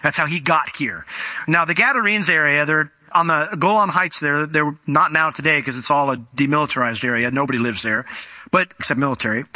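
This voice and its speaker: A man preaching a sermon in an animated way, slowing down and speeding up as he tells a Bible story. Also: on the high side, no room sound. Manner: animated, acts out quoted voices, varies pace.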